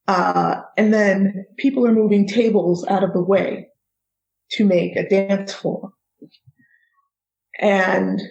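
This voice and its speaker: A woman from the United States, a guest author telling a personal story in a lively way and laughing often. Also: medium pitch, creaky, lo-fi sound. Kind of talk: casual storytelling.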